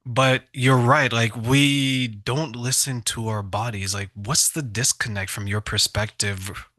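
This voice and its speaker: A man hosting an interview, animated and jokey, asking his guest questions. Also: mid-range voice, a little slow, no room sound. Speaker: host. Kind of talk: interview conversation.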